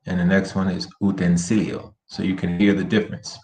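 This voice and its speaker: A man teaching a Spanish lesson over a shared screen, slowly repeating words for students to copy. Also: deep voice, little pitch movement, darkish tone, slight background noise. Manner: slow, drilling words by repetition. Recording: roomy echo with faint ambience.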